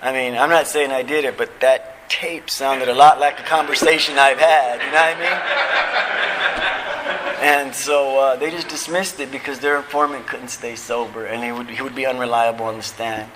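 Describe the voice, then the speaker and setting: A man's voice: mid-range voice, fairly even intonation, moderate pace, noisy background. A middle-aged man giving a recovery testimony at a convention, telling it casually, acting out quoted dialogue and chuckling at his own stories.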